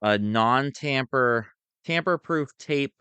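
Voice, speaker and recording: Bright-voiced man podcast co-host. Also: mid-range voice, slow pace, clear, resonant tone, no echo. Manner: easygoing, laughs often, lots of "like" and "I know". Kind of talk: casual chat.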